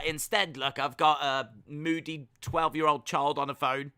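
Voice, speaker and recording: A man's voice: fairly high pitch, expressive, normal speed, sharp tone, no room sound. A man co-hosting a casual podcast chat over a video call, teasing and laughing often. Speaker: podcast co-host.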